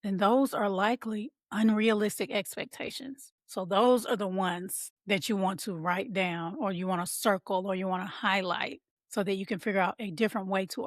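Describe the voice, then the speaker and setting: A woman's voice: mid-range voice, no echo, studio quality. A woman hosting a motivational podcast for moms, talking casually and calling her listeners y'all. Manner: warm conversational, addresses listeners as y'all. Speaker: podcast host and mom coach.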